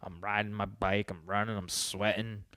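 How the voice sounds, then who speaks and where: Low-voiced man ranting profanely. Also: little pitch movement, moderate pace, bright, forceful tone, no echo, studio quality. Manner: profane, rambling, joking. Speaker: podcast host. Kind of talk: casual monologue.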